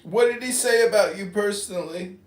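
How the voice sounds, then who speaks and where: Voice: mid-range voice, brisk, slight background noise. Mocking guest in an echoey room. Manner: mocking, loud. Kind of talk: casual chat.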